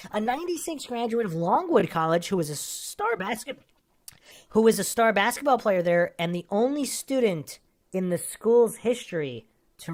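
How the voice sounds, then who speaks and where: A woman hosting a true crime podcast, casually talking through a case and reading a magazine article aloud with brief asides. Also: lowish voice. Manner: casual, with asides between read passages. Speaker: podcast host.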